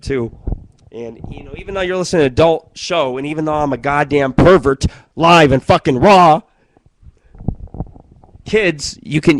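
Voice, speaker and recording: A middle-aged man hosting a radio show, telling rambling, profane comic stories in a crude monologue. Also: a little high.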